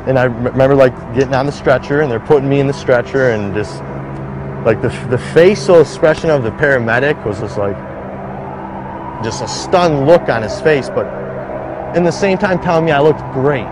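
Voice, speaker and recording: A relaxed young man with a mid-range voice speaks at a normal speed, telling in casual first person how he survived a shooting. He talks conversationally, says "like" a lot, and acts out the voices he quotes. Background music and noise play behind him.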